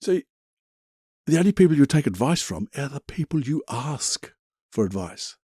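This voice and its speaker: A man's voice: medium pitch, very animated, normal speed, mellow, husky, no echo. Chatty blunt guy doing a self-help podcast, voice bouncing all over, dry close sound, faint music behind. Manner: blunt, chatty, mild swearing. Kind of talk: casual motivational monologue.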